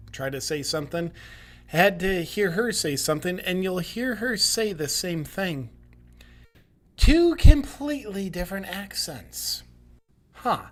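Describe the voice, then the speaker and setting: A man's voice: mid-range voice, slightly rough. A male podcast host giving sarcastic political commentary in a mocking, wry manner. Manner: mocking, wry, breaks into laughter.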